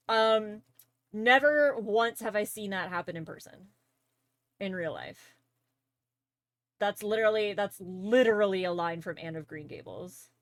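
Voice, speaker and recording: A woman's voice: medium pitch, no room sound. A young Canadian woman with a Canadian accent, chatting casually and rambling with lots of fillers while she draws on a livestream. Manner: rambling, filler-heavy, laughs easily. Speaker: streamer. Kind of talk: casual chat while drawing on stream.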